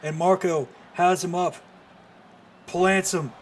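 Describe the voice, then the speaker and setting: A man doing live play-by-play commentary on a wrestling match, excitable and full of exclamations. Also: high-pitched, slow pace, a little hiss or hum. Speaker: streamer commentator.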